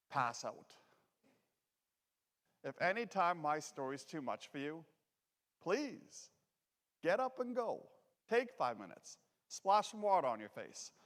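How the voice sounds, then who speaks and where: A Canadian man giving a folksy, joking motivational safety talk with a lively delivery. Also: a little high, clean tone. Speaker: safety speaker. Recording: echoey hall.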